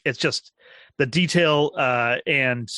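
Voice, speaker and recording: A male podcast guest with a bright, forceful tone talks comic art analytically, pausing on "um" and "you know" as he builds his point. The sound is close and dry, with no room around it. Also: medium pitch, no room sound. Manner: thoughtful, analytical, halting with fillers. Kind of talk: casual comic-book discussion.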